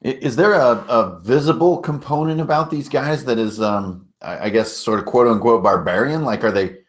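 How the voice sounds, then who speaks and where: A man's voice: medium pitch, moderate pace. A man playing a tabletop game who states his character's actions in short bursts and asks the game master questions. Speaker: player.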